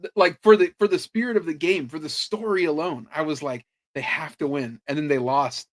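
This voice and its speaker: A man's voice: fairly high pitch, a little fast. Chatty man telling sports stories. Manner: animated storytelling, swears freely, lots of "like" fillers. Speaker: podcast host. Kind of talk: casual chat.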